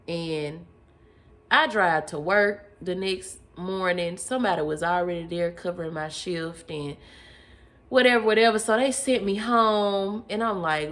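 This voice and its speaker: A woman's voice: mid-range voice, normal speed. A young woman casually telling a personal testimony, addressing listeners as y'all and acting out what she and others said. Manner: animated, addresses listeners as y'all, acts out her own quotes. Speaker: storyteller sharing personal testimony. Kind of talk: casual personal storytelling to viewers.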